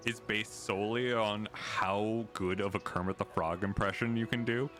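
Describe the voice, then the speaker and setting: A man chatting casually while playing a co-op game, laid-back and quick to laugh. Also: fairly low pitch, steady tone, fairly bright tone, faint music behind. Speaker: co-op game player. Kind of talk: casual gaming chat.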